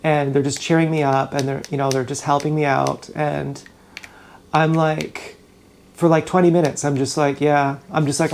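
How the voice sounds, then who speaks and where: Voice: mid-range voice, flat delivery, normal speed, a little mellow, slight background noise. A YouTuber venting in an emotional vlog, agitated, profane and rambling, fired up and upset, talking into a GoPro camera while streaming live indoors.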